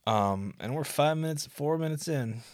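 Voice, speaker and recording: A man's voice: on the high side, lively intonation, normal speed, a little mellow, dry recording. A man hosting a podcast, stoned and rambling casually, swearing and laughing through his sentences. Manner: giggly, profane, laughs mid-sentence. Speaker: podcast host.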